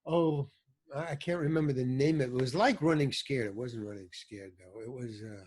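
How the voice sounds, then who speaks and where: A man, an older actor, telling animated stories as a podcast guest and acting out what others said. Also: mid-range voice, a little fast, crowd noise. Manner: animated storyteller, acts out quoted voices. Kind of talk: storytelling in a podcast interview.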